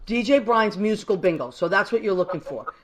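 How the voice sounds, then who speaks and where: A woman from Massachusetts hosts a live call-in show, greeting callers and viewers with warm affection. She chats in a rambling, effusive way, with a mid-range voice. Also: medium pitch, lively intonation, brisk. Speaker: host.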